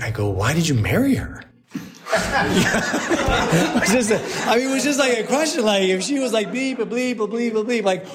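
Male priest in his 40s, lively storyteller, laughs at his own tales, faint hiss behind. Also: medium pitch. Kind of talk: storytelling talk to a group.

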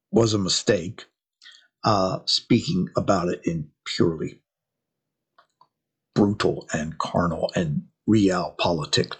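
A man's voice: on the low side, breathy edge. A man giving a history lecture, telling it like a story with rhetorical questions and dramatic emphasis.

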